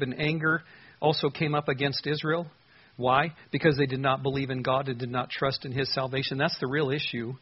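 A man's voice: medium pitch, slightly rough, dull audio. A man teaching through Bible verses in a conversational, earnest way, with emphatic stresses.

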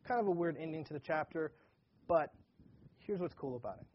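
A man's voice: on the high side, animated, brisk, slightly rough. A man teaching from the Bible in a casual, conversational way, now and then acting out the people in the story with energy. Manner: conversational, acts out dialogue animatedly. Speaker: pastor. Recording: dull lo-fi recording.

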